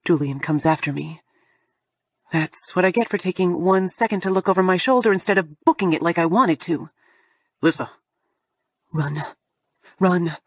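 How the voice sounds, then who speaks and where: A woman's voice: lowish voice, no echo. A woman narrating a first-person romance audiobook in a sardonic, profane, emphatic way.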